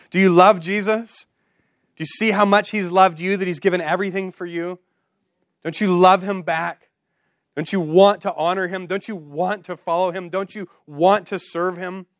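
A man's voice: high-pitched, no room sound, studio quality. A man preaching a sermon with passion, repeating phrases and building to exhortations. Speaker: pastor.

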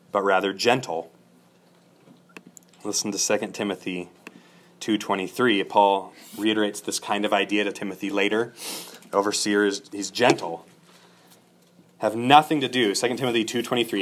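A man's voice: on the low side, normal speed, pauses often. Earnest male preacher teaching scripture. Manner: earnest, repetitive, emphatic lists. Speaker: pastor. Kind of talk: expository sermon.

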